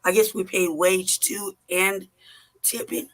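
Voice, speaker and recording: A man telling a story in casual chat, animated and rambling, swearing freely and full of fillers. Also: high-pitched, slow pace.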